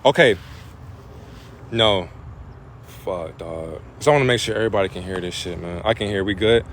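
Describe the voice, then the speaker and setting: A man talking casually on a live spiritual stream, loose and profane with street slang, breaking into animated preaching. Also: low voice, moderate pace, slight background noise.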